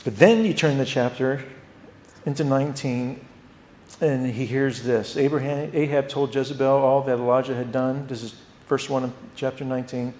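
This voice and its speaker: A man teaching a theology class at a church. He talks in an animated way and often repeats words. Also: mid-range voice, moderate pace, echoey room, a little hiss or hum. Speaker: Bible teacher.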